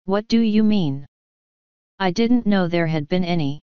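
A woman's voice: on the low side, lively intonation, unhurried, clean tone, dry recording. A woman reading the part of a proud, cool young woman in a dismissive tone, on a dull, dry recording.

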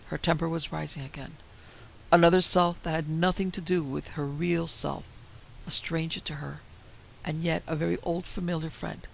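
A woman narrating a classic ghost story in a measured, dramatic way. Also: sits low, fairly even intonation, creaky, a bit bright. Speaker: narrator and producer. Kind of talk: scripted horror story narration. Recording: dull lo-fi recording with faint hiss.

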